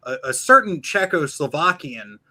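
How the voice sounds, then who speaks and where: Bright-voiced man in casual chat. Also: a little high, very animated, poor audio. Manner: halting, restarts often, mock announcer voice for quotes. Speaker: podcast guest.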